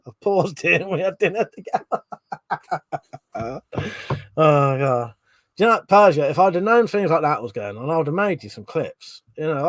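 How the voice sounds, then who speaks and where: A man's voice: on the high side, no echo. A man, hosting a casual livestream at home, reading chat and swearing freely between chuckles. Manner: swears often, chuckles, mutters asides. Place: bedroom at home.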